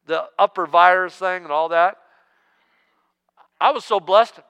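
A man in his sixties preaching a sermon as pastor, joking and emphatic, swinging between loud outbursts and hushed asides. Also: high voice, unhurried, clean tone, in a large hall. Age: 60s.

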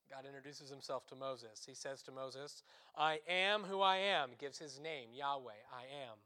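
A man giving a sermon as a priest. He speaks in short, conversational phrases, often adds "right?", restarts his sentences and stresses key words with sudden bursts of loudness. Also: fairly high pitch. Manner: restarts and corrects himself mid-sentence.

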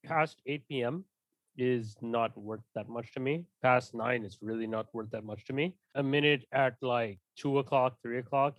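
A man's voice: medium pitch, normal speed. A man co-hosting a podcast, teasing his friend and swearing in casual chat. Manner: teasing, swears, says dude and bro. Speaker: podcast co-host.

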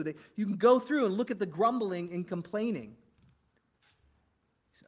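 Male pastor, sermon, slightly high-pitched, conversational, rhetorical questions, loud-to-hushed swings. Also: animated, moderate pace, long pauses.

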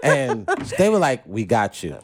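A man's voice: medium pitch, measured pace, crowd noise. A man on a podcast telling a story with lots of energy, slangy and laughing, acting out voices as he goes. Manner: lively, acts out voices in his stories. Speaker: podcast guest. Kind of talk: animated storytelling.

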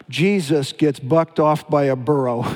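A pastor preaching a sermon, telling Bible stories in an animated, dramatic way. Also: male voice, on the high side. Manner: storytelling, animated with dramatic retellings. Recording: long hall reverb.

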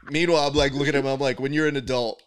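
A man hosts a casual chat, his voice at a middle pitch. He tells coaching stories with lively acted-out voices and an easy, swearing manner. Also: very fast, heavy background noise. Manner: animated storyteller, acts out voices in anecdotes, swears. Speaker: podcast host, wrestling coach. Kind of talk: casual interview.

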